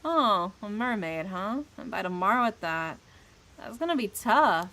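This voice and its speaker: A woman's voice: medium pitch, sing-song, unhurried, pushed and bright, rough recording. A woman reading a caring young female friend.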